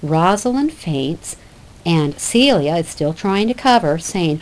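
A woman's voice: fairly low pitch, expressive, takes it slowly, poor audio. A woman teaching literature, reading a play aloud and explaining it in a conversational way.

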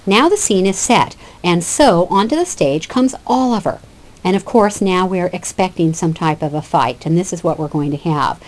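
A woman's voice: fairly low pitch, expressive, normal speed. Woman lecturing on a classic play. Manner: explanatory, with fillers and restarts. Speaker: literature teacher.

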